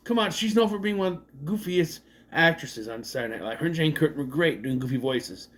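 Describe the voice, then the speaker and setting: Animated man recapping a movie. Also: on the high side, a little fast. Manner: animated, swears, mocks scenes in exaggerated voices. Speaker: movie reviewer. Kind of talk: casual movie recap and review.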